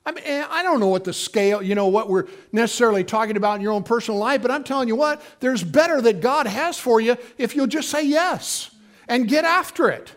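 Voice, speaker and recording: A man preaching to his congregation in a high, light voice. He talks casually and acts out the voices he quotes. Now and then he breaks into sudden loud bursts. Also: lively intonation, a little fast. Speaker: pastor. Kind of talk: sermon.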